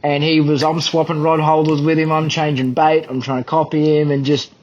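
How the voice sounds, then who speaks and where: A young man, a podcast guest, telling a fishing story in an animated, self-deprecating way. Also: on the high side, brisk, dull audio, slight background noise. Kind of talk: casual storytelling.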